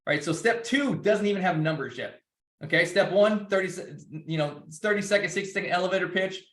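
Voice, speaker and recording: A man's voice: sits high, fairly quick, a bit bright, reverberant. A man speaking in a loose, rambling way, with many restarts, as a guest speaker. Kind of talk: casual presentation.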